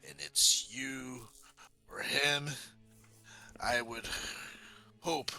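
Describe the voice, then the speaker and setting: A man's voice: mid-range voice, lively intonation, very slow, pushed and bright, faint music behind, heavily acted. A man voicing a blunt, battle-worn male sailor veteran in a tabletop game, folksy and courtly with lots of fillers. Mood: earnest. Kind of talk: in-character tabletop role-play.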